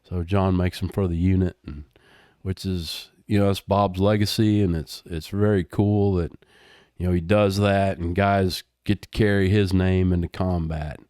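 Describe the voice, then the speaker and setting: Man, 60s, low-pitched, relaxed storyteller, dry close mic. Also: normal speed, dry recording. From Texas. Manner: laid-back, laughs often, says "man" and "dude". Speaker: guest, retired helicopter pilot. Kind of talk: casual interview storytelling.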